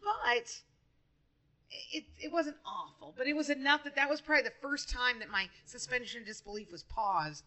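A woman chatting about a movie with friends on a podcast, her voice bright and a little high. She talks in an animated, lively way and laughs easily. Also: normal speed. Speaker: podcast co-host. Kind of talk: casual movie discussion.

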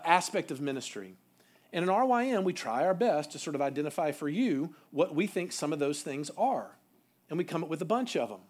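A man teaching a seminar to youth ministry workers, asking the room questions and adding folksy asides. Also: a little high.

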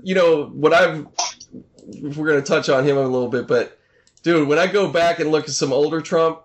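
A man in casual podcast chat, rambling and halting, often trailing off mid-thought. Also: on the high side.

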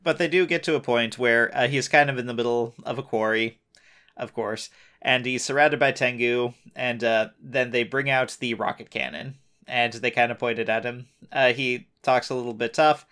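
A man's voice: mid-range voice, fairly even intonation, moderate pace, pushed and bright, clean tone. A young man co-hosting a casual show recap, dropping lots of uh fillers and teasing his co-host. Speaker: podcast co-host.

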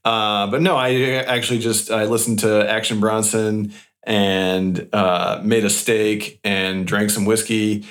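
A man co-hosting a podcast, talking about his evening in a relaxed, self-mocking way. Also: on the low side, a little slow. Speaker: podcast co-host. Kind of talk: casual chat.

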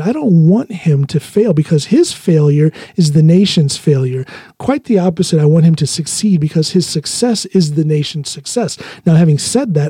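High-pitched, husky-voiced man. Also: mellow, no room sound. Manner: opinionated, earnest, repeats phrases. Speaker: podcast host. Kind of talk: casual chat.

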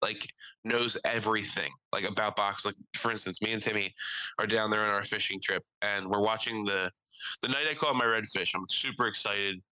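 Very bright-voiced, swearing podcast host. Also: male voice, on the low side, fairly even intonation, brisk, no room sound, poor audio. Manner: profane, laughing, storytelling. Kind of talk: casual podcast chat.

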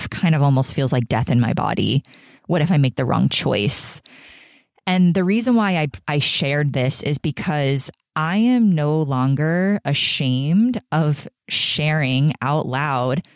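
Podcast host, woman in her thirties, low and dry, emotional and earnest, laughs often. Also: darkish tone, no echo. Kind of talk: reflective podcast monologue.

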